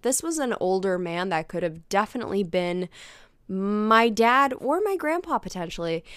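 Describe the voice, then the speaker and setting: A woman's voice: on the low side, fairly bright tone, smooth, dry recording, clean studio sound. A young woman hosting a casual solo podcast, telling stories in a rambling, self-deprecating way and swearing casually. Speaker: podcast host.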